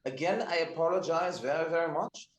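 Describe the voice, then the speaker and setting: A man's voice: fairly high pitch, fast talker, crowd noise, pitched above the performer's own voice, close to an everyday voice. A man voicing a flustered, apologetic bathhouse hostess who stammers and pleads politely. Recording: roomy echo.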